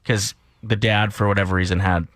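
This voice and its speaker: Animated man co-hosting morning radio. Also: fairly low pitch, brisk, no room sound. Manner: animated, ranting and storytelling. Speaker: radio morning show co-host. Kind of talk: casual radio chat.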